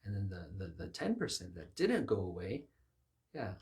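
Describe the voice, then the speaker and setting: A man gives an informal sermon in a lowish voice. He speaks earnestly and conversationally, working through his thoughts aloud as he teaches. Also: wildly swooping pitch, normal speed, darkish tone. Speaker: preacher.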